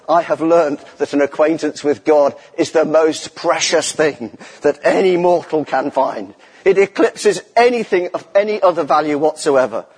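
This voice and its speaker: Husky, higher-voiced preacher man in an echoey hall. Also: a little mellow. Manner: earnest, emphatic, repeats key phrases. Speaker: lay preacher. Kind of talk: sermon. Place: church. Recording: echoey church hall with long reverb.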